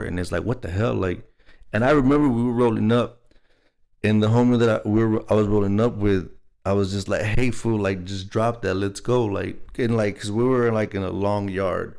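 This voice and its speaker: A man's voice: fairly low pitch, darkish tone, clear, resonant tone. A young man from Texas, telling a personal story in a rambling, casual way, full of "like" and "you know what I mean". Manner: rambling, filler-heavy, laughing storyteller.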